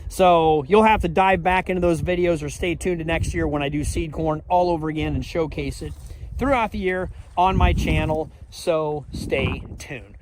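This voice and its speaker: A man's voice: a little high, normal speed, background noise. A middle-aged man, a farmer, chatting casually outdoors in his fields, explaining his work as he goes and drifting off topic. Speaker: farmer vlogger. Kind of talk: casual outdoor farm vlog.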